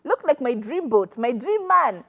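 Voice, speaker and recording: A young woman, co-hosting a casual talk show and telling animated stories with frequent laughter. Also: high voice, a little slow, husky. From Kenya. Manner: animated storytelling, laughs often. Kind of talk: casual chat.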